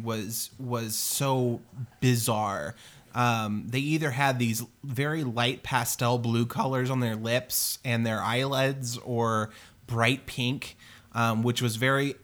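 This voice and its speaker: A man hosting a casual movie review chat, animated and crude, with lots of fillers. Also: medium pitch.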